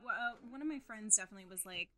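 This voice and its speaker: A woman's voice: mid-range voice, very fast. A woman author as a podcast guest, chatting casually and telling stories with frequent laughter. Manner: giggly, animated storytelling.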